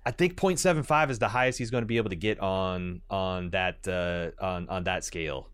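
A man's voice: deep voice, fairly quick, a bit bright, clear, resonant tone, no echo, clean studio sound. A man co-hosting a podcast, rambling and restarting his sentences in casual chat. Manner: rambling, hesitant, many fillers and restarts. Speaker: podcast co-host.

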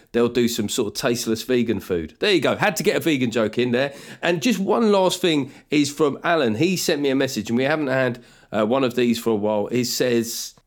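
A man hosting a podcast, chatting casually and joking, with bursts of mock voices. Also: mid-range voice. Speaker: podcast host and comedian. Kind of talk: casual comic monologue.

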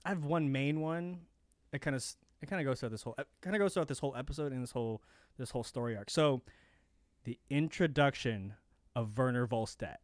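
A man's voice: mid-range voice, fast talker, dry recording. A man co-hosting a podcast in casual chat, rambling with frequent restarts. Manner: rambling, restarts often, laughs. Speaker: podcast co-host.

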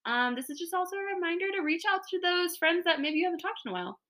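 A young woman co-hosting a casual podcast, mostly reacting with quick interjections and casual swearing. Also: very high voice, animated, fairly bright tone. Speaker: podcast co-host. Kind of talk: casual chat.

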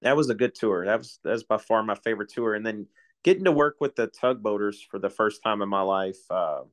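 A man's voice: on the low side, a little fast. A man in his forties, a retiring coast guard officer, telling folksy stories in a casual chat and chuckling often.

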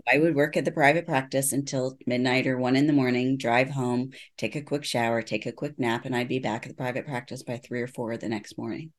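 A woman's voice: rumbling low, steady tone, brisk, hardly any pauses. A middle-aged woman, a neuropsychologist, giving earnest personal testimony in an interview. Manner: earnest storytelling, acts out quoted voices. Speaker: neuropsychologist guest.

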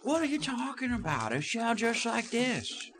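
A man putting on a breathy, hushed impression of a laid-back male film star with a slow, drawling lilt. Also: very high voice, wildly swooping pitch, soft background music, voice pushed up, heavily acted. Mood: dreamy.

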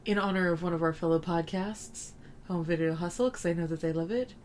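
A woman's voice: fairly low pitch, a little fast, a little mellow, a little hiss or hum. A woman co-hosting a podcast, chatting casually, laughing often and swearing freely. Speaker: podcast co-host. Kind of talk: casual chat.

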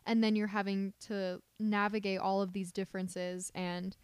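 A woman's voice: medium pitch, completely flat delivery, moderate pace, smooth, dry recording. A woman co-hosting a podcast in casual chat, talking freely and often saying "like". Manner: chatty, uses "like" a lot. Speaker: podcast co-host.

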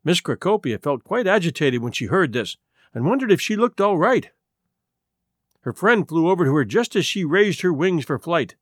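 A man hosting a podcast, reading a classic story aloud in an expressive, gentle storybook narration through a close mic. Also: fairly high pitch, normal speed, no room sound.

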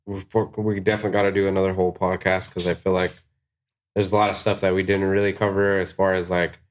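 A man's voice: deep voice, flat delivery, fast talker. A man, a guest tattoo artist, talking in a laid-back podcast chat, swearing freely and filling his speech with "like". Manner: laid-back, swears a lot, many "like" fillers. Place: tattoo shop podcast studio.

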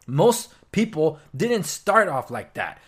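A man's voice: fairly high pitch, slow, husky. Young man ranting animatedly on his podcast. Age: young adult. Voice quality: chewing while talking at times. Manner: animated, ranting, sarcastic asides with mock quotes. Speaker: podcast host. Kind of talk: solo opinionated news podcast.

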